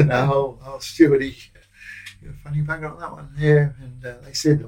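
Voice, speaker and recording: A man's voice: a little high, steady tone, normal speed, darkish tone, low-quality recording. An older man with an Australian accent, a former prison officer telling rambling, slang-filled stories in a casual interview. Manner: rambling, anecdotal, with slang and restarts.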